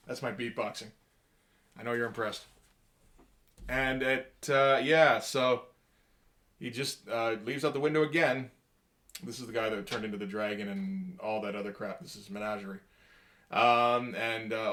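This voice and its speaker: A man's voice: mid-range voice, fairly even intonation, fairly bright tone. Rambling man reviewing comics. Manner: rambling, halting, with many fillers and wry asides. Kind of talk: casual page-by-page comic review.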